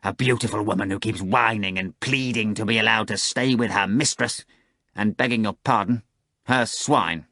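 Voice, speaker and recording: A man voicing a dutiful male demon servant who reports briskly and formally. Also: lowish voice, sharp tone, no echo, studio quality.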